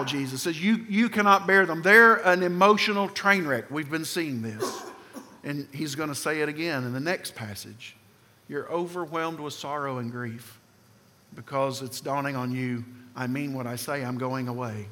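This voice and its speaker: A man's voice: moderate pace, sharp tone. Emphatic male preacher in a reverberant hall. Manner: emphatic preaching, dropping low on phrase ends. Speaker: pastor. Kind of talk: sermon.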